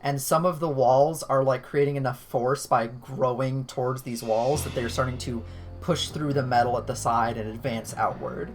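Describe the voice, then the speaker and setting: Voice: mid-range voice, steady tone, normal speed, faint music behind. A game master narrating a tabletop game in a loose, rambling way, often restarting sentences. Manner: rambling, self-correcting restarts.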